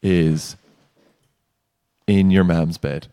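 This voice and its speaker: A man's voice: deep voice, fairly even intonation, extremely slow, over music. A young man co-hosting a podcast, chatting casually with dry, teasing humour and rambling restarts. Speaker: podcast co-host. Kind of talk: casual banter.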